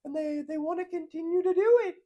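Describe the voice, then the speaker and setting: A man doing a comic impression of a famous male debater, talking in a high childlike voice that strains his throat. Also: fast talker, dark tone, lo-fi sound. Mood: mock-earnest.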